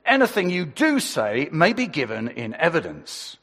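Male preacher as a formal police officer, husky, a bit louder, reverb of a hall. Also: fairly high pitch, huge pitch swings, normal speed, voice pushed up, heavily acted. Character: stern male police officer reading a caution.

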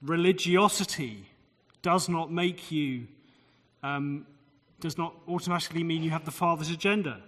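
A man's voice: a little high, moderate pace, fairly bright tone. A man preaching a sermon, explaining scripture with conversational asides and rhetorical questions. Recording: long hall reverb.

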